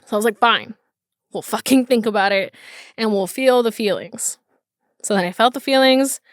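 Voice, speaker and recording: A woman's voice: fairly high pitch, moderate pace, no echo, studio quality. A woman hosting her own podcast, telling a personal story in a candid, casual way, swearing often and restarting her sentences. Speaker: podcast host.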